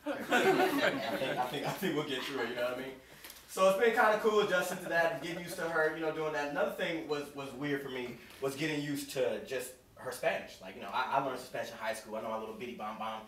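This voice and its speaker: A man in his thirties doing an animated stand-up comedy set, telling a story and acting out the other people's voices. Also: mid-range voice, fast talker. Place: comedy club stage. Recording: roomy club sound from far off with crowd laughter. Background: audience laughing.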